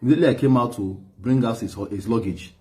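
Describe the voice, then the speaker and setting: A Nigerian man telling stories in an animated monologue, often laughing and repeating words, sometimes switching into Igbo. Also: mid-range voice, fast talker. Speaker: activist giving a testimony.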